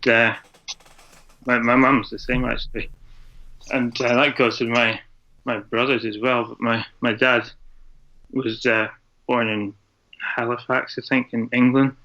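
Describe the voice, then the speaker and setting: Man from scotland, rambling casual talk, bright tone, monotone. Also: mid-range voice, measured pace, long pauses. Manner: rambling, hesitant, laughs often. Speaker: podcast guest, drummer. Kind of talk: casual interview chat. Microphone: video call. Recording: dull lo-fi internet call audio.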